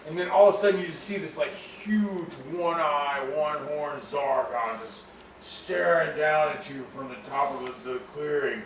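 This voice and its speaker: A man runs a tabletop game, spinning the scene out loud with endless fillers and sudden shouted bursts. His voice sits a little high for a man. He is picked up from far off in an echoey home room with clear background noise. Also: normal speed. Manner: animated storytelling with many fillers, bursts into shouts. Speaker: game master.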